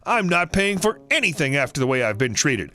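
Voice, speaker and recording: A man's voice: a little high, sing-song, a little fast, sharp tone. A man voicing a rude, entitled woman customer who rants, swears and makes accusations. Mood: ranting.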